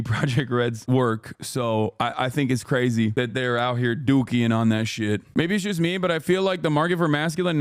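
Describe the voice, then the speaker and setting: A man hosting a stream, ranting in casual commentary with animated, profane emphasis. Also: fairly high pitch, no room sound, studio quality. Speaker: streamer host.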